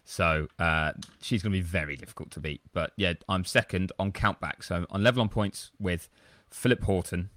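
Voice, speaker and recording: Very deep-voiced man chatting casually. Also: normal speed, few pauses, a bit bright, no room sound. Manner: rambling, self-deprecating storyteller. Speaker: podcast co-host. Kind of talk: casual chat.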